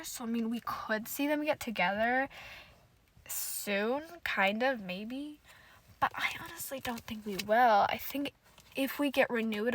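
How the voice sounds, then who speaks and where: A woman's voice: on the high side, fairly bright tone. A woman hosting a solo podcast, gushing emotionally and swearing often as she recaps a TV episode. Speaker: podcast host.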